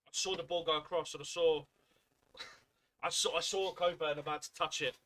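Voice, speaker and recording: Seething, swearing young football fan. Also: male voice, fairly high pitch, fairly even intonation, normal speed, fairly bright tone, slight background noise. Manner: swears constantly, seething play-by-play. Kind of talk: live match watchalong commentary.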